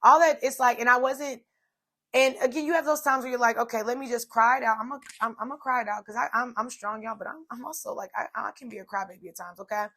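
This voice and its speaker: A woman's voice: fairly high pitch, fast, sharp tone. A woman in her twenties hosting a solo podcast, telling a personal story in a chatty, casual way with many fillers. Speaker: podcast host.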